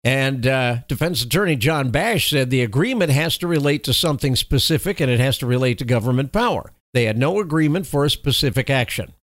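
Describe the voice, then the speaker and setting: A man's voice: mid-range voice, lively intonation, a little fast, few pauses, dry recording. A man giving opinionated commentary on political news, reading reports and adding wry, sarcastic asides. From Texas.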